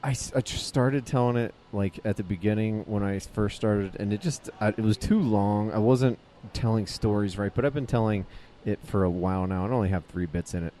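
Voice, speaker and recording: A man's voice: on the low side, fairly quick, few pauses, dark tone, slight background noise. A man in his late twenties, a comedian guest, telling a long story in a rambling, profane way with many fillers and restarts. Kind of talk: casual storytelling interview.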